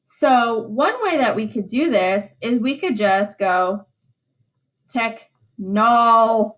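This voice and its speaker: Woman teacher explaining slowly, slightly high voice. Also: very animated, poor audio. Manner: explains slowly, drawing out syllables and checking in with "right?". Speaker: high school English teacher. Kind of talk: recorded classroom lesson.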